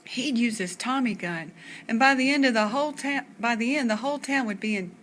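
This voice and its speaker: A woman voicing a bossy, sharp-tongued young girl who talks with sarcastic impatience. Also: on the high side, a little fast, slight background noise, pitched above the performer's own voice, lightly acted.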